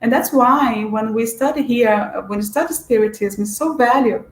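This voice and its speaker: A woman's voice: fairly high pitch, moderate pace. A woman giving a spiritual lecture in an earnest, searching way, with frequent restarts and fillers. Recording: echoey room.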